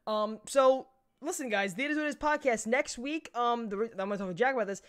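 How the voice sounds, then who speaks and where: A man's voice: very high-pitched, quick pace, fairly bright tone, clean tone. Rambling, profane male podcast host. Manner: rambling, profane, frequent restarts. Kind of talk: casual live podcast chat.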